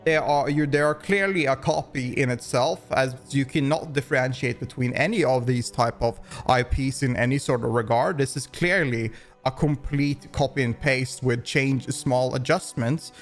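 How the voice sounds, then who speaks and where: A man's voice: medium pitch, normal speed, faint music behind. A man giving opinion commentary, rambling along with frequent restarts and fillers. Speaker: commentary YouTuber.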